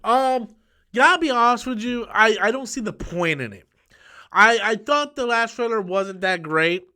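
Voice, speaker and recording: An excitable man hosts a live-stream chat, his voice pitched high and tense. He swears freely and hums movie sound effects between thoughts. He talks from a small room under studio lights. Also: moderate pace, clean tone. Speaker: YouTube host.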